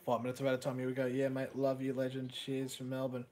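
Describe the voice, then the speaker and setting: A young man hosting a live stream, reacting excitedly to a football match, swearing casually and reading out chat messages. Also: medium pitch, fast talker.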